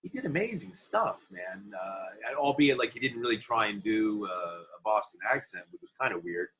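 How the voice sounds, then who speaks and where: Bright-voiced actor telling animated stories. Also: male voice, on the low side, normal speed, a little hiss or hum, low-quality recording. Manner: animated anecdotes, acts out quoted voices. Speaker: actor guest. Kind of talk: interview storytelling.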